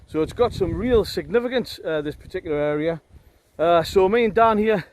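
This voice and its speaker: Wind and background music fill this outdoor clip of a middle-aged English hiking vlogger from Northumberland talking casually as he walks an open hillside. His voice is high, fairly quick and a touch mellow, and he rambles with lots of ums and uhs while teasing his companion wryly.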